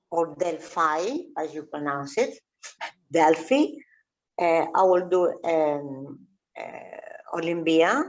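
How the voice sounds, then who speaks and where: Woman, Greek accent, archaeologist guest, slightly low voice, halting, full of fillers. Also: low-quality recording. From Greece. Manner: halting, many fillers and restarts. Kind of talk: casual interview chat.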